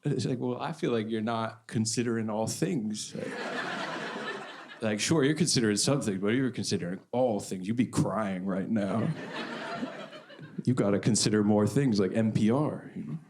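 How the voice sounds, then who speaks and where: A man doing a stand-up set on a club stage, deadpan and self-deprecating, repeating lines for effect. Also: on the low side, moderate pace, creaky, background noise. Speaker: stand-up comedian. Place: comedy club stage before a live audience. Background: audience laughter.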